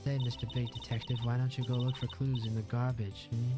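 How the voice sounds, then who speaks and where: A man's voice: medium pitch, flat delivery, brisk, natural voice. A man playing a snide young woman witness with a put-on Southern lilt. She mocks and teases sweetly, refusing to help, with game music playing behind her. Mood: mocking. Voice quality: mocking, sarcastic.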